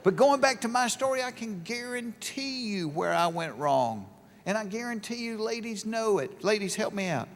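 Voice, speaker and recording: Middle-aged comedian, lively high voice. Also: male voice, moderate pace, a little hiss or hum. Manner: storytelling, acting out both sides of conversations. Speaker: stand-up comedian. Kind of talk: stand-up comedy routine. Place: large live venue with an audience. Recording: live show with hall reverb.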